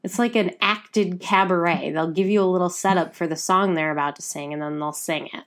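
A woman's voice: on the low side, brisk. A young woman with a light Midwestern accent, co-hosting a podcast in casual, rambling chat. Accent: Midwestern American. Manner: chatty, rambling, says like a lot. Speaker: podcast co-host.

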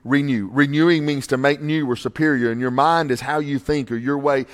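A man preaching a sermon as pastor, swinging from loud, emphatic lines to hushed ones. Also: mid-range voice, fairly even intonation, fairly quick.

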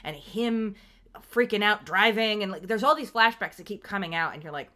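A woman co-hosting a casual TV recap podcast, talking animatedly, swearing and acting out scenes in quick quoted asides. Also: medium pitch, lively intonation, sharp tone. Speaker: podcast co-host.

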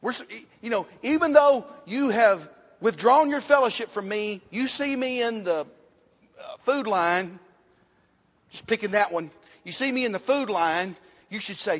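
A man with a high-pitched voice teaches a church Bible class, repeating points and asking the class questions as he writes on a board. His voice rings with a long reverb, as if in a large hall. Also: lively intonation, a little slow, fairly bright tone.

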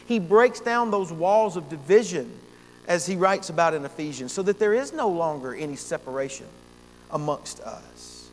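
A man's voice: a little high, expressive, normal speed. A man preaching a sermon as pastor, earnest and emphatic, repeating phrases for stress. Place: church sanctuary. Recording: long church reverb, faint hum.

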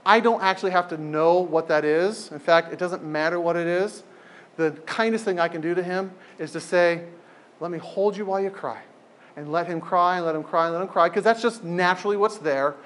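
A man leading an informal group talk, animated and emphatic, often repeating phrases for effect. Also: high-pitched, fairly quick.

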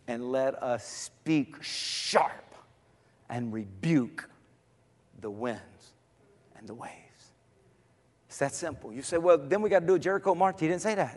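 A man preaching a sermon, swinging from soft, low passages to loud shouted cries. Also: in a large hall. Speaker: pastor.

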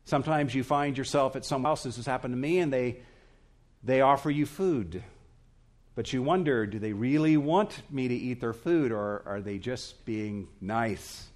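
Guy preaching a sermon, earnest and emphatic, mid-pitched voice, breaks things into short phrases. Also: moderate pace. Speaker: pastor. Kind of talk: expository sermon.

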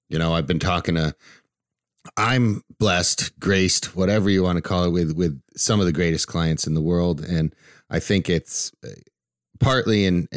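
A man's voice: sits low, no echo, clean studio sound. A man hosting a financial radio show, talking in a chatty, loose way with frequent restarts. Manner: chatty, restarts often, laughs easily. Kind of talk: casual radio talk.

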